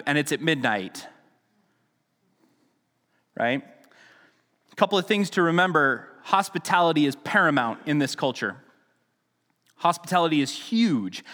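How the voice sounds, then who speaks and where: A man's voice: a little high, a bit bright, long reverb tail. A man preaching a sermon in a casual, conversational teaching style, with frequent restarts and asides. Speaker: pastor.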